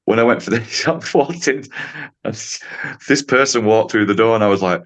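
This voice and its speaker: A man in his late fifties tells a story on a podcast, his voice low and deep. He talks casually and acts out the voices of the people in his story, breaking into laughs now and then. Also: normal speed. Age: 50s. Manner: animated storyteller, acts out quotes, laughs often. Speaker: podcast guest, driving instructor.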